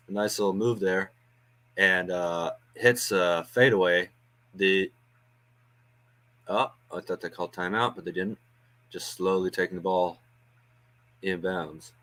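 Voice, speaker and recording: Male fan host, lower register, loose chatty play-by-play with filler words. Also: pushed and bright. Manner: chatty, thinks aloud with frequent ums and uhs. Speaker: watch-along host doing play-by-play. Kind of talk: casual live play-by-play commentary. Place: home watch-along stream.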